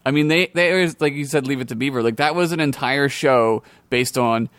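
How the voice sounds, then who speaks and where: A young man co-hosting a casual podcast, talking haltingly with lots of "like" and agreeing often. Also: medium pitch, a bit bright, no room sound. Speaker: podcast co-host.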